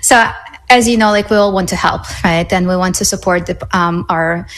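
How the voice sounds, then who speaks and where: A woman's voice: lowish voice, normal speed, a bit bright, rough recording. A woman guest expert on a radio talk show, explaining things patiently with many "um"s and "right?"s. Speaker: psychologist guest.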